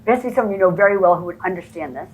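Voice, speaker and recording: A woman's voice: lowish voice, rapid-fire, a little mellow, rough recording. A woman training real estate agents, telling stories and acting out the dialogue in a motivational presentation. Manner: storytelling, acts out quoted dialogue. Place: conference room before a live audience.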